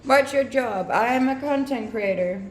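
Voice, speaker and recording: A woman's voice: fairly high pitch, unhurried. A young woman from Scandinavia with a mixed English accent that has a Scandinavian tinge, chatting casually on a live stream and answering viewer comments, upbeat and laughing often. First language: a Scandinavian language. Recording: roomy echoing sound.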